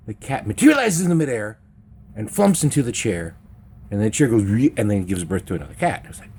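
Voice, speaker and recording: A man spins a comic personal tale in a loose, rambling way. His pitch swings widely as he talks, and he breaks into squeaky meows and silly sound effects. The telling stays casual and animated from start to finish. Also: fast talker, a little hiss or hum. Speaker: storyteller. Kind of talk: comedic personal storytelling.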